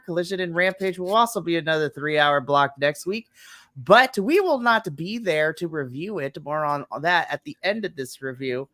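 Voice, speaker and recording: A man's voice: fairly high pitch, no room sound. A man hosting a late-night wrestling podcast, joking and upbeat as he chats with his co-host. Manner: playful, joking, energetic.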